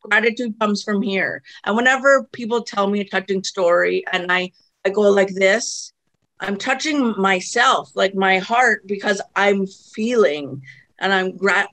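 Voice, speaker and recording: A woman's voice: medium pitch, measured pace, fairly bright tone. A woman from Canada, a podcast guest speaking in a heartfelt, emotional way in casual conversation.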